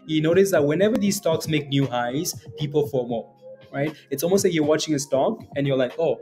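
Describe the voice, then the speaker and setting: Chatty male livestream host, slightly high voice. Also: darkish tone. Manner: rambling, chatty, reads chat aloud, frequent fillers and laughs. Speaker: day-trading livestream host. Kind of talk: casual live-stream commentary.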